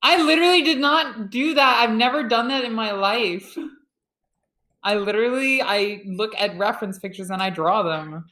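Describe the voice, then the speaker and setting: A woman whose voice sounds sarcastic even when she means it, sitting a little high in pitch. She chats casually with friends over a voice call during a tabletop game. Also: normal speed. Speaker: player.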